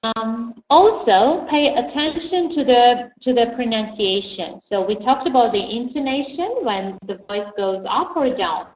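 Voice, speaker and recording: A woman whose first language is Armenian, teaching an online English class and patiently repeating model phrases slowly. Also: on the high side, expressive, darkish tone. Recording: roomy, dull lo-fi audio with faint hiss.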